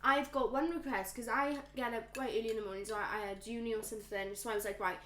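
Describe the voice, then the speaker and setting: Animated woman host, bright tone, slightly high, echoey room. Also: fast. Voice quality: animated storyteller who acts out quotes. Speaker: podcast co-host and cook. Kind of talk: casual chat. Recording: roomy echo.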